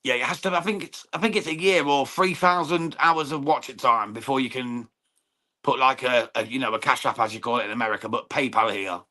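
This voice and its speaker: A man's voice: medium pitch, fairly quick, pushed and bright. An English man hosting a live boxing watchalong, chatting casually with viewers, calling mate often, swearing freely and commenting on the fight. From England. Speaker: watchalong stream host.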